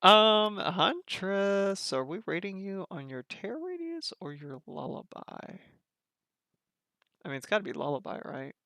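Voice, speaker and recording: A man's voice: a little high, huge pitch swings, moderate pace, vocal fry, no echo, clean studio sound. A man streaming live, gushing in casual slangy commentary and repeating himself as he reacts.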